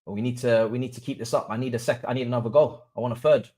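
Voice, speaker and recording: A young man hosting a live football watch-along, swinging between low murmurs and excited chanting. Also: racing. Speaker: livestream host.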